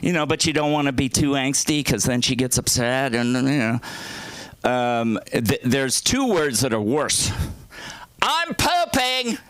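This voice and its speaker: A man's voice: mid-range voice, measured pace, a bit bright, clear, resonant tone. Rambling man doing crude stand-up. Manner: rambling, self-deprecating and crude. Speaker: stand-up comedian. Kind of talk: open-mic stand-up. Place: comedy club stage.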